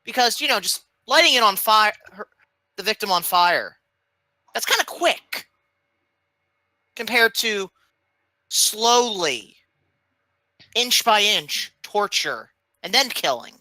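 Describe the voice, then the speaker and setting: A woman in a tabletop game thinks aloud in a rambling, musing way. Her voice is bright and sharp, and she speaks slowly. The recording is dry. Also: mid-range voice, sing-song, dry recording, rough recording. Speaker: player. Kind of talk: casual tabletop game play.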